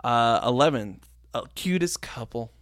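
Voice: medium pitch, animated, measured pace, no echo, clean studio sound. A podcast co-host in casual chat, upbeat, moving through a list and rambling in restarts.

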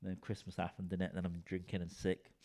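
Low-voiced guy ranting solo into the mic, sweary and rambling, dark dry sound. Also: completely flat delivery, brisk, dry recording. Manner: rambling, sweary, self-mocking. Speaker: comedian and podcast host. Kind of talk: casual solo rant.

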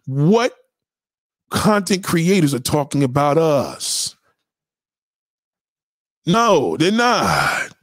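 A man with a high, very lively voice rants to his livestream chat, blunt and full of profanity. He repeats his points again and again for emphasis. The sound is dry and close, with no room around it. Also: drawn-out words, pauses often, no room sound. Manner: blunt, profane, animated ranting. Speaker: livestream host reacting to chat. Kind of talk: unscripted livestream commentary.

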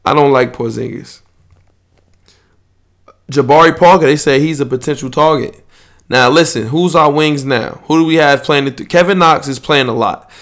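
A man's voice: on the high side, moderate pace, a bit bright. A young man, hosting a podcast and rambling loosely and profanely in casual sports chat. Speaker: podcast host.

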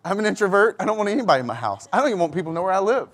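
A man's voice: high-pitched, sing-song, very fast, a bit bright. A middle-aged man preaching a sermon, telling a personal story and acting out both sides of each conversation. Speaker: pastor.

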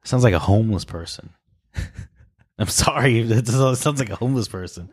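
A man's voice: fairly low pitch, moderate pace, husky. A young man co-hosting a podcast in casual chat, swearing a lot and laughing as he tells stories. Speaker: podcast co-host.

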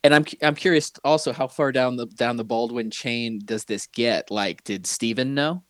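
Man, casual chat, gossipy, rambling, mid pitch, dry. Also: normal speed, a bit bright, no echo. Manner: rambling, gossipy, frequent restarts.

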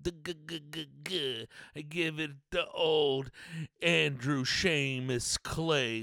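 A man's voice: mid-range voice, takes it slowly, creaky, no room sound, studio quality. A man hosting a podcast, delivering a crude comedic rant full of swearing and mock stammers. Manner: profane, animated, mock-stammering. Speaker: podcast host.

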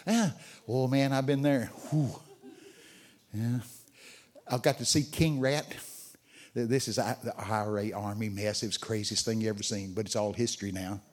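A man's voice: fairly low pitch, fairly even intonation, moderate pace, a little mellow. An older man preaching a sermon as a guest speaker, telling stories and chatting with people in the audience. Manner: storytelling, chats with audience members.

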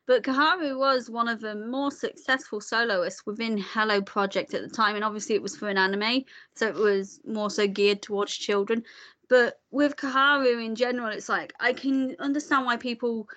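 Bright-voiced, animated woman. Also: fairly high pitch, moderate pace. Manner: animated, swears casually, opinionated. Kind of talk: casual chat.

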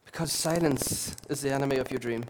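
A man, a lead pastor preaching a sermon with impassioned, repetitive emphasis and quieter asides. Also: medium pitch, fairly quick, slight background noise. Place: church hall.

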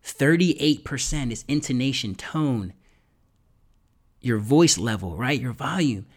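A man talks straight to his listeners like a motivational coach, hammering each point home by repeating it. He often checks in with a quick "right?" and will sometimes sink to a whisper to pull the listener in. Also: mid-range voice, animated. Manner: drops to a whisper for effect. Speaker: podcast host giving speaking tips. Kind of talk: motivational talk to camera.

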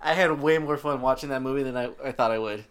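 A man's voice: mid-range voice, quick pace, clear, resonant tone. A man in a casual podcast chat, easygoing and upbeat about the films he likes.

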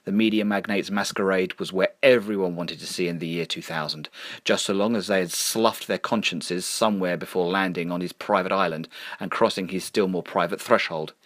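Male storyteller, deep and deadpan, dry studio sound. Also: brisk, dry recording. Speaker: narrator. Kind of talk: storytelling reading.

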